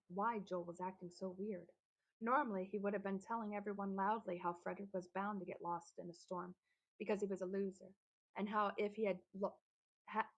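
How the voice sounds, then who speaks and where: A woman narrating a children's storybook in a gentle, even reading voice. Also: lowish voice, gravelly, slightly rough, poor audio. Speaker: audiobook reader.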